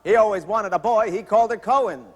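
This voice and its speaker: A brash vaudeville comic on stage. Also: male voice, high voice, quick pace. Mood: joking. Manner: wisecracking, hammy, bursts of silly noises. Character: brash old-time male vaudeville stand-up comic. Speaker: stage actor. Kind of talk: vaudeville comedy routine in a stage musical. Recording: stage recording with long hall reverb.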